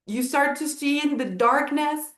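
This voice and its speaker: A woman teaching at a live event, telling a story with animated energy, acting out the people she quotes and laughing often. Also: high-pitched, unhurried. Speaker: spiritual teacher. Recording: roomy echo.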